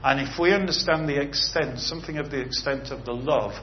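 A man's voice: mid-range voice, fairly quick. Earnest male preacher, dull recording. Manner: earnest, rising and falling emphasis with rhetorical questions. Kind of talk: sermon ending in prayer. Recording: slightly dull recording with faint background hiss.

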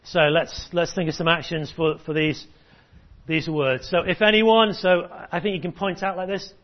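A man's voice: a little high, moderate pace, lo-fi sound. A man preaching a sermon and leading children through a memory verse, encouraging and call-and-response. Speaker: pastor. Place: church service.

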